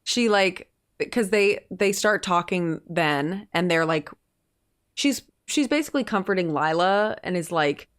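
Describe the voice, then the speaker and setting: A woman co-hosting a book club podcast, summarizing the story in relaxed, casual chat and quoting the characters. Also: mid-range voice, a little slow. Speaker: podcast co-host.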